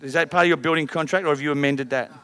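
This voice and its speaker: A man's voice: on the high side, very fast, clear, resonant tone, no echo. A man coaching a group of business owners, blunt and swearing, firing rhetorical questions. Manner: energetic, rising loud at the end.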